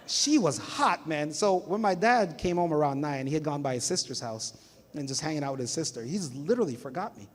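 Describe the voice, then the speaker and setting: A middle-aged man from Jamaica preaching a sermon as pastor, telling stories in an animated way and acting out family members' voices. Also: a little high, brisk, a little hiss or hum. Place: church sanctuary. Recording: long church hall reverb.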